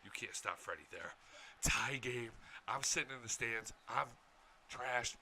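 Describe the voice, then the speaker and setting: A young man reacting to game highlights as an excitable fan, swearing freely and yelling at the big moments. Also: a little slow, slight background noise. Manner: excitable, profane, shouts at big plays. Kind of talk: casual fan reaction commentary.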